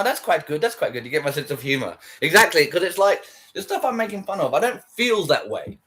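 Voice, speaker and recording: A man's voice: fairly high pitch, big pitch swings, fast talker, hardly any pauses, fairly bright tone. A man chatting casually on a livestream, rambling and swearing while he answers viewers. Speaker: livestream host.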